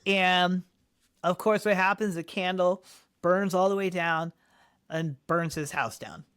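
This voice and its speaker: A man with a fairly high voice tells a story as a podcast guest. He talks casually and acts out the quotes with sudden jumps in pitch. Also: a little slow, fairly bright tone, clean tone. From Colorado, United States.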